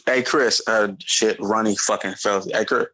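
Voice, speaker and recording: A man's voice: on the low side, fairly even intonation, moderate pace, pushed and bright, poor audio. A man from Chicago co-hosting a podcast, telling rambling, profane stories in casual chat. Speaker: podcast co-host.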